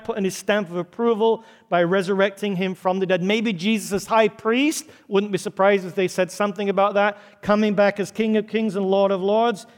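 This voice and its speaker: A man preaching a sermon, retelling a story with dramatic, varied pacing. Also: high-pitched. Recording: reverberant church hall.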